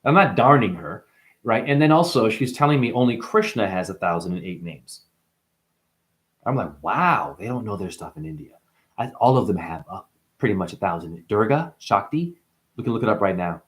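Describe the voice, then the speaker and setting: A man rambles to the camera in a boastful monologue, casting himself as a spiritual guru. His voice keeps lurching from loud, emphatic bursts down to low, muttered asides. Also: expressive, normal speed. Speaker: self-styled spiritual guru.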